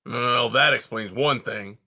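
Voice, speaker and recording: A man voicing a grumpy, sharp-tongued old male porcupine in a storybook reading, with a gruff, snappish delivery. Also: mid-range voice, slow, exaggerated voice. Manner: gruff, snappish, louder than the narration.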